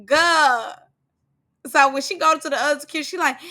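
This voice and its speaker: A woman with a high voice chats through a reality show recap in loose, slangy gossip. Her tone is bright and cutting, and she talks in an animated way, laughing often as she goes. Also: brisk. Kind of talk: casual gossip commentary.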